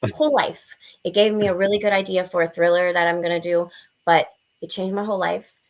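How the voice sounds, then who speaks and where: A young adult woman telling a story on a podcast in a blunt, profane, animated way, acting out the quotes. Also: on the low side, fairly quick. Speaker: podcast guest. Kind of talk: casual storytelling.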